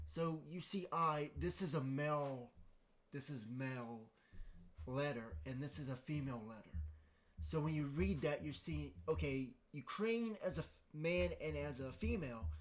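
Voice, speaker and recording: A man's voice: on the high side, measured pace. A man hosting a podcast, explaining grammar in a casual, hesitant monologue with many fillers and restarts. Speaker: podcast host.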